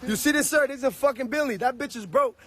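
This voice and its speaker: A man arguing heatedly and profanely with police outside his home, shouting and frustrated. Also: very high-pitched, fast talker.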